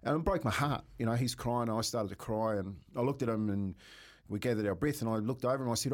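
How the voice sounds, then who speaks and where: A man's voice: medium pitch, fast. A middle-aged man with a New Zealand accent, co-hosting a morning radio show and telling stories in casual chat, often repeating words as he goes. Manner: storytelling, repeats words when excited. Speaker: radio co-host.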